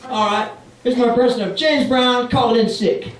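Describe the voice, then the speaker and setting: A man in his forties doing a stand-up comedy set, delivering deadpan one-liners and bantering with the crowd. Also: very high-pitched, normal speed. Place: comedy club stage. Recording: roomy club, distant mic, crowd laughter.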